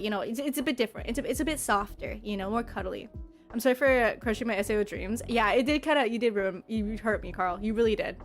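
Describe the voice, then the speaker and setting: A young adult woman streaming live, bubbly and giggly as she reads and answers her chat. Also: fairly high pitch. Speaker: livestreamer.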